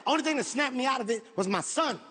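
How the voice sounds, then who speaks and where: High-pitched, shouting stand-up comedian. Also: male voice, fast talker, husky. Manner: animated, shouting and profane. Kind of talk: stand-up storytelling. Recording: live show with audience ambience.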